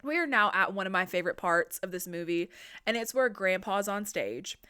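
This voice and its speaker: A woman hosting a podcast and recapping a horror movie in a casual, profane, animated way. Her voice is smooth and clear at a middle pitch. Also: moderate pace. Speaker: podcast host.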